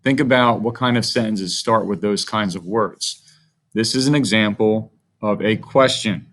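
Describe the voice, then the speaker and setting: A man's voice: on the low side, measured pace, fairly bright tone. A man teaching a grammar lesson to young children, speaking in a patient, friendly way.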